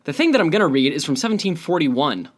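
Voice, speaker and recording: A man hosting a podcast in casual chat, lisping from his braces, scattered and quick to laugh. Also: on the high side, big pitch swings. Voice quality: lisp from braces. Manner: giggly, scattered, laughs often. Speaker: podcast host.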